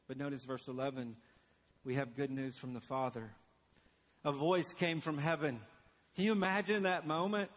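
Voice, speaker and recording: A man preaching a sermon as pastor, earnest and urgent, dropping to a hushed intensity for emphasis. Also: fairly high pitch, in a large hall.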